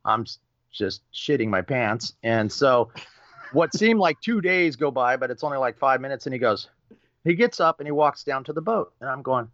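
Animated storytelling man, muffled dry audio. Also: mid-range voice, normal speed, no echo. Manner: lively, acts out quoted voices, swears casually. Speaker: podcast guest.

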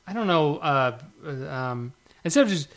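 A man co-hosting a casual podcast, musing hesitantly with many pauses and restarts. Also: fairly high pitch, lively intonation. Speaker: podcast co-host. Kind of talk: casual chat.

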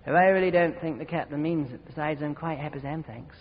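A man's voice: on the high side, quick pace, close to an everyday voice. A man voicing a complacent male airline passenger who breezily brushes off a warning. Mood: dismissive. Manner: breezy, self-satisfied. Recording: dull reverberant hall recording.

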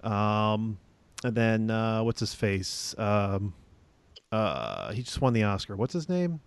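A man's voice: fairly low pitch, big pitch swings, slow pace, vocal fry, clear, resonant tone, no room sound. A man co-hosting a podcast in casual chat, hesitant, with many ums and restarts. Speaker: podcast co-host.

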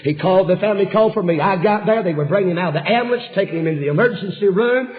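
A man preaching a revival sermon, telling stories with passion and swinging from hushed tones to shouting. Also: sits high, rapid-fire. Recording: dull lo-fi sermon recording.

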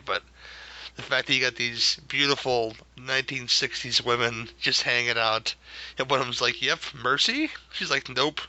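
A man's voice: medium pitch, bright, forceful tone, clean tone, dry recording, lo-fi sound. A man co-hosting a casual movie review chat, rambling and laughing and often repeating words as he talks. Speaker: podcast co-host.

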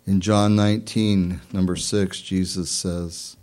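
A man's voice: sits low, fairly even intonation, slow, mellow. A man leading an earnest spoken prayer in a sermon, building to fervent declarations. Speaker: pastor.

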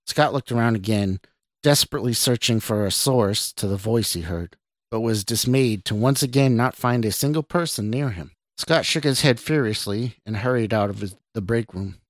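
A man, a podcast host, reading his own short story aloud in an even, measured way. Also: lowish voice, dry recording.

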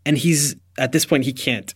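A man's voice: medium pitch, moderate pace, husky. A man co-hosting a podcast, recapping a TV episode emphatically, with frequent restarts. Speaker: podcast co-host. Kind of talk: casual chat recapping a TV episode.

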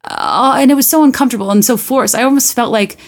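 A woman hosting a podcast in a casual monologue. She rambles, restarts her sentences and laughs at her own self-deprecating asides. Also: on the high side. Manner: restarts often and stacks quick asides. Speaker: podcast host.

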